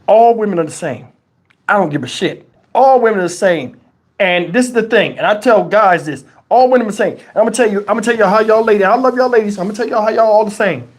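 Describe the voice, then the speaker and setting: Middle-aged guy ranting on his livestream, cussing a lot, worked up and animated. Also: high-pitched. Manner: animated, profane, exasperated storytelling. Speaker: YouTube channel host. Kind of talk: casual livestream storytelling.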